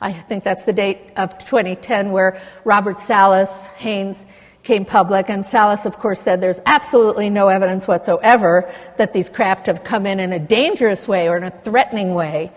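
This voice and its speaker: Older woman, passionate conference speaker, rambling and indignant, mid pitch, long hall reverb. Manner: passionate, digressive, indignant asides. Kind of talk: impassioned conference lecture.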